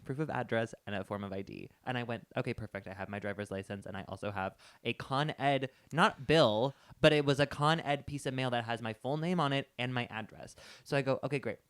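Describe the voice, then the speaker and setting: A young man co-hosting a podcast tells a story at a brisk clip, acting out what each person said. His voice is smooth and clear. The recording is close and dry. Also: medium pitch, no echo. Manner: animated storytelling, acting out both sides of a conversation. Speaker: podcast co-host. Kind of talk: casual chat.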